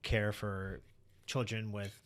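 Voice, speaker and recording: Low-voiced male podcast host. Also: takes it slowly. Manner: relaxed, joking, laughs often. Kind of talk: casual chat.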